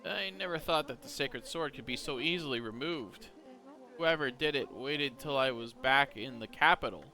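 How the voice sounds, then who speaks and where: A man's voice: mid-range voice, moderate pace, bright, forceful tone, natural voice. A man reading aloud as a smug, lofty young male prophet swordsman, in a theatrical, teasing manner. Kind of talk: reading game dialogue aloud.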